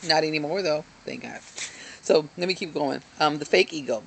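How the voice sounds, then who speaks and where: A woman's voice: deep voice, moderate pace, gravelly, a little hiss or hum. A woman giving an earnest, encouraging self-help talk to a hand-held camera, reading from a book with frequent ums and asides. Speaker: motivational self-help speaker. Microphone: self-filmed, camera held in hand at arm's length.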